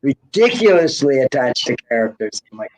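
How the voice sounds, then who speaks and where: A man's voice: mid-range voice, very animated, moderate pace, poor audio. Agreeable man in a laid-back chat. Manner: agreeable, chuckling listener. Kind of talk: casual chat.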